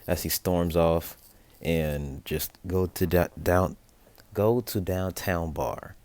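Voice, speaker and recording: A young man tells a made-up fan story in a loose, rambling way, full of fillers and self-corrections. His voice sits very low and deep. The recording is dry and close. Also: very slow, a little mellow, no room sound. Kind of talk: casual improvised storytelling.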